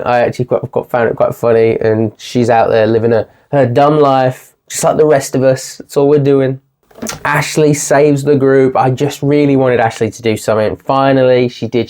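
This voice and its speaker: A young man talks through a TV finale in a chatty, excitable way and laughs often. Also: mid-range voice. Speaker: TV series reviewer. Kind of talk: casual video review.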